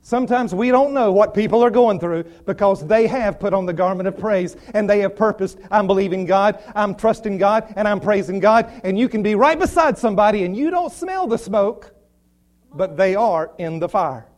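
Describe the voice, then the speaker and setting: A man's voice: high-pitched, animated, normal speed, a little mellow. A man preaching a sermon, repeating phrases and building to emphatic declarations. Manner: repetitive, rising to emphatic declarations.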